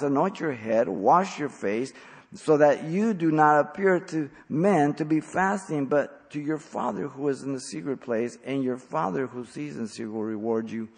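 A man preaching an expository sermon as pastor, blunt and emphatic, with sudden loud stresses. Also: mid-range voice, vocal fry, husky, in a large hall.

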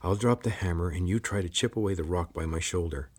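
A man's voice: low-pitched, fast, a little mellow, husky. A man voicing a trapped young man who gives urgent, short orders in a storybook reading.

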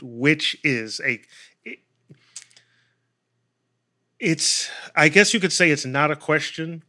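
Bright-voiced man arguing over a verse. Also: mid-range voice. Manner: careful reader, argues his point insistently. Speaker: Bible study participant. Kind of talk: scripture reading and discussion.

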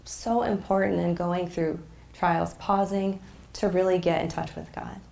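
A woman's voice: on the low side, fairly even intonation, unhurried, vocal fry, a little mellow, reverberant. A woman guest on a faith podcast, talking in an earnest, reflective way and getting emotional as she shares. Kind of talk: casual faith conversation.

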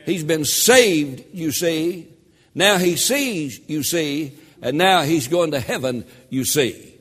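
A man preaching a sermon as pastor, slow and emphatic with dramatic pauses and rising emphasis. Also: on the high side, animated, husky. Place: church sanctuary. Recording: echoey church hall.

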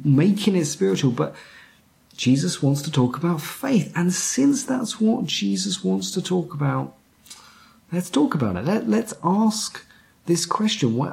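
A man preaching a sermon as pastor, speaking haltingly, often repeating words and dropping to a whisper for emphasis. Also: fairly high pitch, gravelly, darkish tone.

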